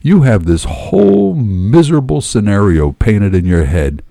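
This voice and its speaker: A man voicing a gruff, streetwise male hitchhiker who talks bluntly and insistently with rough, profane speech. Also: lowish voice, big pitch swings, measured pace, dark tone, dry recording, clean studio sound, full character voice.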